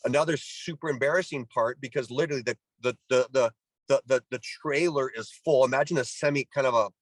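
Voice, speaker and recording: Animated middle-aged Canadian man telling a story. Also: medium pitch, brisk, no echo, poor audio. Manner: animated, acts out quoted voices, many restarts. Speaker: guest, former pro baseball player. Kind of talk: storytelling in a casual interview.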